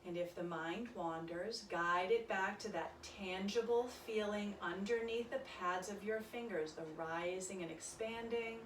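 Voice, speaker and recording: A woman leading a yoga class, giving calm, soft-spoken cues through breathing and stretches. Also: medium pitch, a little slow, few pauses, slight background noise. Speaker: yoga instructor. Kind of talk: guided yoga class instruction. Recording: echoey room, voice from a distance.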